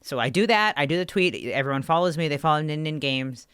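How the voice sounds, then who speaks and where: A woman co-hosting a podcast, telling a story in an animated, ranting way with swearing, close to her microphone. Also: low voice, fast talker, clean tone, no room sound. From Canada. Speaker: podcast co-host. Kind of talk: casual podcast chat. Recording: dry close-mic sound.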